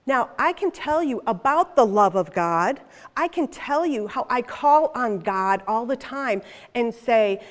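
Conversational woman preaching in a reverberant hall. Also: a little high. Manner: conversational, animated, with quick asides. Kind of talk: sermon.

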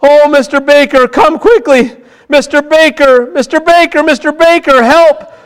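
A man's voice: very high-pitched, steady tone, unhurried, pitched above the performer's own voice. A man voicing a terrified dying young boy who wails and shrieks for help, with long hall reverb. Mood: terrified wailing. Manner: shrieking, wailing, desperate.

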